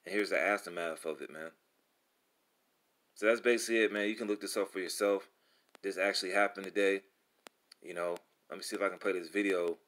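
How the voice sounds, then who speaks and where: A man preaching casually and excitedly with streetwise slang and frequent swearing, reading scripture between remarks. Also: deep voice, brisk, long pauses. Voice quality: profane, slangy speech. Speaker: religious video presenter. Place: Atlanta.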